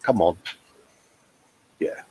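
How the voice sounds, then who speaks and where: A man's voice: drawn-out words, warm tone. A British man with an English accent, hosting a casual livestream chat, reading out viewer comments and calling people mate. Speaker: livestream host.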